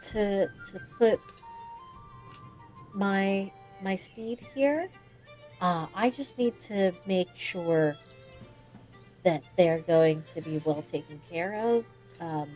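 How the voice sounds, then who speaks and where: Slow, hesitant woman player. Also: lowish voice. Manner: hesitant and polite. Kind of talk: playing a character in a tabletop game.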